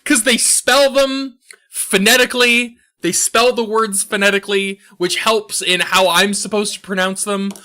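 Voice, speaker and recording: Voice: mid-range voice, fairly even intonation, measured pace, bright, forceful tone. A streamer in casual live-stream commentary, talking frustrated and self-deprecating, with plenty of swearing.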